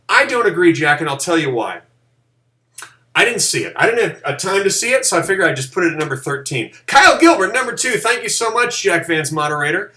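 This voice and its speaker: Bright-voiced man hosting a live stream. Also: roomy sound. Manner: animated, jokey, does mocking high voices. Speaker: live show host. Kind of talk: casual live-stream chat.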